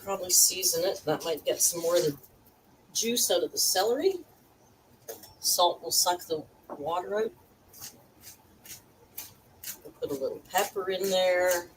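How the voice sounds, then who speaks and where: A woman talks her viewers through a recipe in a relaxed, chatty way and tosses in wry asides. She sits well back from the mic, so her voice sounds distant. Kitchen noise runs clearly underneath. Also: lowish voice, moderate pace. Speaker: cooking channel host. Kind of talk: casual chatty cooking vlog. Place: home kitchen.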